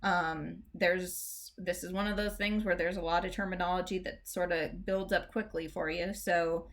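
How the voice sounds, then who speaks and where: A woman's voice: lowish voice, fairly even intonation, moderate pace. A woman teacher giving a recorded lesson on poetic meter, patiently explaining and reading lines of verse aloud with the stressed beats drawn out. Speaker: English teacher.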